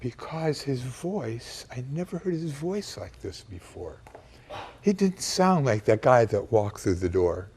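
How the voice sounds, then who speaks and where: A man recounting a personal memory in an emotional, halting way, pausing and restarting as he goes. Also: mid-range voice, sing-song, a little mellow, slight background noise. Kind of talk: personal storytelling.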